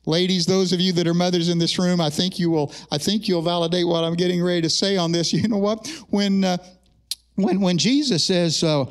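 A middle-aged man, a pastor, praying and then preaching an animated sermon with humorous asides to his congregation in a church. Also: high-pitched, fairly quick. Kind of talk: sermon with opening prayer. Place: church sanctuary during a service.

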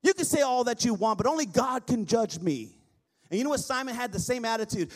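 A man's voice: very high-pitched, expressive, fairly quick. A man preaching a sermon as pastor in a church, reading scripture and calling on the congregation to answer back. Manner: preaching, quoting scripture, calls on the congregation to respond.

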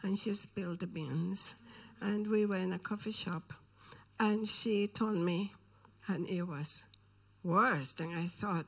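Woman preaching, storytelling with hushed whispers. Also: medium pitch, fairly even intonation, slow. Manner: dramatic storytelling, drops into whispers for emphasis. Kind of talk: sermon storytelling.

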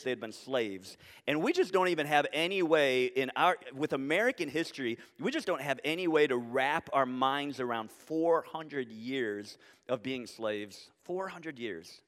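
High-voiced man preaching in a hall. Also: expressive, moderate pace, fairly bright tone. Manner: earnest preaching, rising to emphatic declarations. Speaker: pastor. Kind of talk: sermon. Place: church auditorium with live audience.

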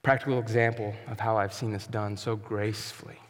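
A man preaching a sermon as pastor, earnest and emphatic, sometimes dropping to a soft, quiet tone. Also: on the low side, little pitch movement, fairly quick, in a large hall. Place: church sanctuary.

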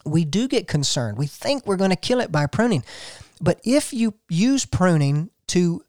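A man's voice: high-pitched, very animated, normal speed, a little mellow, dry recording. A man hosting a gardening show, talking folksy and casual and telling a story to listeners he calls folks.

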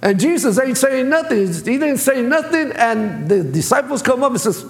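A man's voice: very high voice, very animated, normal speed, gravelly. A man preaching a sermon as pastor, speaking in plain colloquial phrasing and acting out voices. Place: church sanctuary. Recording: echoey church hall.

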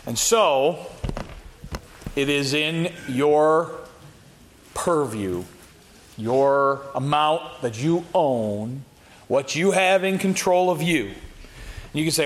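Teaching an adult Sunday school class, a man reads scripture aloud, then talks it through plainly and asks the class questions in a Bible lesson. His fairly high voice has lively intonation, and he speaks very slowly with long pauses.

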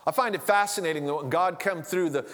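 Man, middle-aged, sermon, conversational, higher voice, echoing hall. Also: fast, fairly bright tone. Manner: conversational, with restarts and asides. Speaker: pastor. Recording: long hall reverb.

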